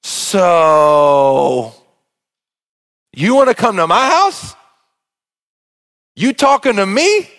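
A preacher voicing a lonely, surprised little tax collector who talks in disbelieving, colloquial questions. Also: male voice, high-pitched, very animated, extremely slow, long pauses, fairly bright tone, big-room sound, full character voice. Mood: incredulous.

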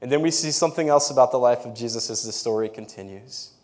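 A man giving a sermon in an easy, conversational way, his voice sitting in a middle male range. He gets animated as he tells the story and reads scripture aloud. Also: medium pitch, quick pace. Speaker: pastor.

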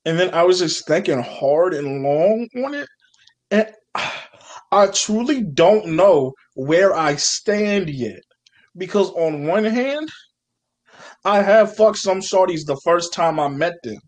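A man's voice: high-pitched, animated, slow. A man co-hosting a casual podcast chat, blunt and laid-back, swearing freely. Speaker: podcast co-host.

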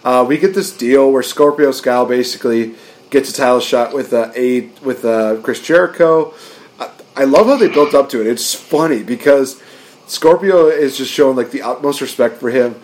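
Male podcast co-host, excitable casual recap, mid-range voice. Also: mid-range voice, moderate pace. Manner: excitable, acts out quotes in raised voices. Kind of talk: casual wrestling recap chat.

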